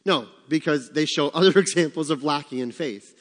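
A man's voice: on the high side, normal speed. A man leading a Bible study, teaching in a conversational way and asking the group questions. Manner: conversational, asks the room questions. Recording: long hall reverb.

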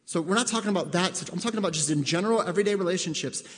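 A man's voice: high voice, rapid-fire, long reverb tail. A male pastor preaching in a conversational way, asking the congregation direct questions and acting out both sides of conversations. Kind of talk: sermon.

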